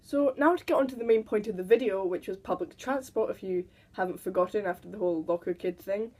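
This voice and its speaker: A teenage girl vlogging to camera tells stories in a chatty, giggly way, now and then mimicking people in quoted voices. Her voice is mid-range and a little mellow, and she talks at a quick pace.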